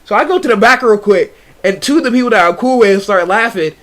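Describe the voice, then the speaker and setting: A young man with a high voice tells a casual story on a livestream. He is animated and slangy, often restarts his sentences, and says "bruh" a lot. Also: fast talker. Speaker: streamer.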